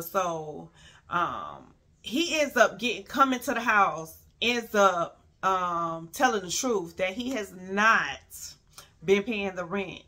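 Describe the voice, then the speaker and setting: A woman telling a casual story, animated and profane, acting out every quote. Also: medium pitch.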